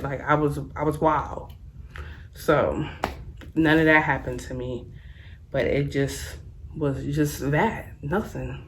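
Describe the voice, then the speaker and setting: A young woman with a notably low voice tells a personal storytime tale to her camera. She speaks frankly and casually, using plenty of slang and rambling with "like" fillers. Faint noise sits under her voice. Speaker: vlogger telling a story. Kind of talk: storytime vlog.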